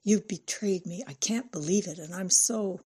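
A woman's voice: medium pitch, normal speed, mellow, husky, close to an everyday voice. A woman narrator voicing an indignant, theatrical woman who makes biting accusations.

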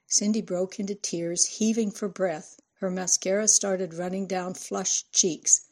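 Woman narrator, husky and soft-toned, steady storybook reading. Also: fairly low pitch, unhurried, hardly any pauses. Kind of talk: audiobook narration.

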